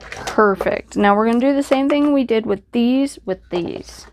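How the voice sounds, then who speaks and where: Crafty lady rambling thru her project, lots of fry in her voice, easygoing. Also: fairly high pitch, moderate pace, a little mellow. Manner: chatty, self-deprecating, thinks aloud while working. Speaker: crafting channel host. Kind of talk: casual crafting tutorial voice-over.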